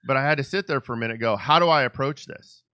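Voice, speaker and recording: A man hosting a podcast interview, telling a story with lively acted-out dialogue. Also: medium pitch, very fast, clean tone, no room sound, clean studio sound. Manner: animated storyteller who acts out quoted dialogue. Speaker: podcast host. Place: Los Angeles.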